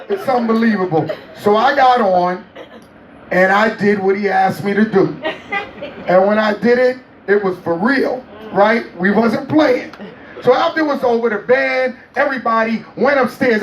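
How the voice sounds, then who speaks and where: A man as an interview guest, telling a story in a casual, animated way, laughing and acting out quotes. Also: high voice. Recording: roomy, distant mic, faint noise.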